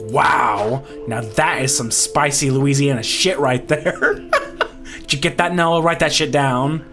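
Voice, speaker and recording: A man doing a loud, bossy little film director. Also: mid-range voice, over music. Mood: excited, bossy. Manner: loud, rude, fast-talking and bossy. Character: brash, pushy male film director, small and energetic.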